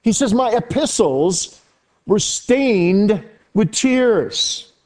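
A man pastor preaching a sermon earnestly, his voice rising and dropping sharply in pitch and loudness. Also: lively intonation, extremely slow.

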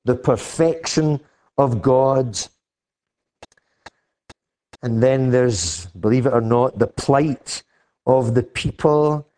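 Older Scottish male preacher, slow deliberate delivery, impassioned and emphatic. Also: medium pitch. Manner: impassioned preaching, rising to loud emphatic declarations. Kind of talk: sermon.

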